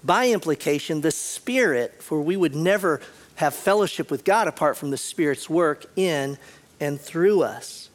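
High-voiced man preaching a sermon. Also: lively intonation, measured pace. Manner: earnest, repeats words, clears throat often. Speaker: pastor.

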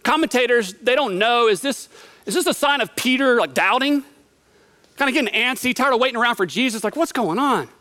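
A man's voice: very high voice, lively intonation, fairly quick, pushed and bright. A man preaching a sermon, retelling a Bible story vividly and conversationally, asking the listener questions. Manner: storytelling, vivid, acts out quotes.

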